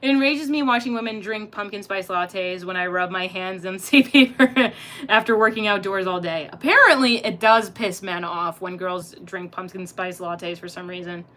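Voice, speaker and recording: A young woman talks to her livestream chat with a bright, ringing voice. She laughs often, swears freely and keeps a loose, playful banter going. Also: medium pitch, normal speed. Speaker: livestream host reading chat.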